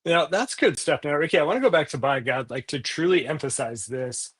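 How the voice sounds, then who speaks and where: A man co-hosting a casual podcast, playful and quick to laugh. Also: on the high side, animated, a bit bright, slightly rough. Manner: laughing, playful, short reactions. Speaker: podcast co-host.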